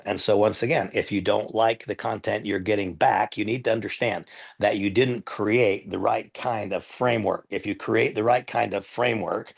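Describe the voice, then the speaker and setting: An older man with a gravelly, somewhat husky voice, speaking low. He runs a training demo into a headset microphone. He is earnest and emphatic and circles back to drive his points home.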